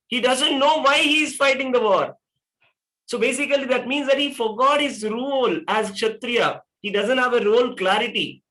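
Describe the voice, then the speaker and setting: A middle-aged man gives a scripture lecture in a high, bright voice. He explains patiently and keeps asking rhetorical questions, then answers them himself. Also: moderate pace, low-quality recording. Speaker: spiritual teacher.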